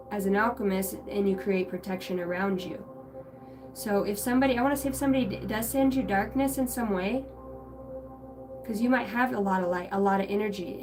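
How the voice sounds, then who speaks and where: A woman's voice: mid-range voice, distant mic. A woman giving a rambling, searching spiritual reading on a livestream from outdoors on a ranch, swearing casually as she talks. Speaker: spiritual channeler. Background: music, passing pickup trucks.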